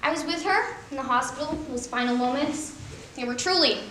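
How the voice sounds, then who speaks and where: A woman's voice: sits high, fairly quick, slight background noise. A woman voicing a bitter, washed-up middle-aged male horse, delivering a sardonic, darkly funny stage eulogy in a roomy, echoing space. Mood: wry. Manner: sardonic, dark-humoured, self-deprecating. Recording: roomy echo.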